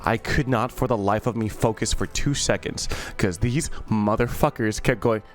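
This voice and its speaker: A man's voice: on the low side, moderate pace. A young man, a streamer, casually telling a story to his viewers, swearing freely and breaking into laughs and yelps. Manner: animated, profane, laughs and yelps in excitement.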